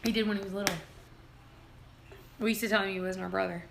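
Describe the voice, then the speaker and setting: A woman's voice: mid-range voice, steady tone, fast, vocal fry, fairly bright tone. A woman, hosting a casual livestream and telling family stories, laughing often as she talks. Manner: giggly, laughs through her own stories. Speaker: livestream host.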